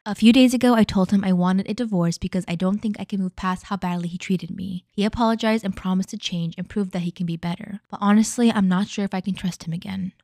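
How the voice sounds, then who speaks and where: A woman's voice: medium pitch, fairly even intonation, fast talker, few pauses, a little mellow, no room sound. Woman reading a story in a dry voice. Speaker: storytime narrator. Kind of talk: reading a story aloud, then commenting.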